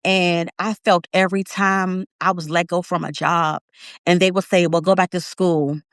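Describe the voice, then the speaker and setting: Animated woman telling her story. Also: moderate pace, no echo, clean studio sound. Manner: animated, acts out her own quotes with big pitch jumps. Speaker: interview guest. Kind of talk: casual storytelling interview.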